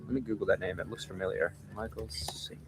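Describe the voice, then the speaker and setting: With a lowish, fairly even voice and a fast pace, a young man hosting a livestream rambles through a story. He keeps breaking off partway through sentences as he chats casually.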